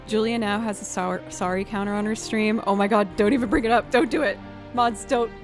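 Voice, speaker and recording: A woman musician chatting casually with her stream viewers, self-deprecating and laughing often, her pitch jumping up when she is surprised. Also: fairly even intonation, brisk. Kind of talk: casual live-stream chat. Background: faint music.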